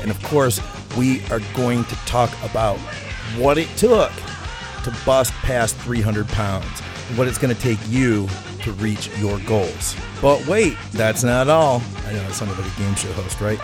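A man's voice: medium pitch, moderate pace, music in the background. A man hosting a fitness podcast, upbeat and hyping the show, swearing casually as he introduces his guests and asks questions. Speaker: podcast host. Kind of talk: energetic show intro and interview.

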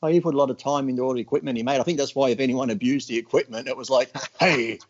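Animated storytelling man, lo-fi sound. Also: medium pitch, racing, slightly rough. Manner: animated, acts out others' lines in loud bursts. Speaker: podcast guest. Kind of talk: casual storytelling chat.

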